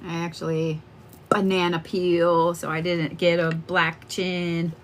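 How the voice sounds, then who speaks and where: On her live stream, a middle-aged woman does psychic card readings and chats loosely with viewers, rambling and cursing freely. Her lowish voice is slow with little pitch movement, and a faint hiss or hum sits in the background.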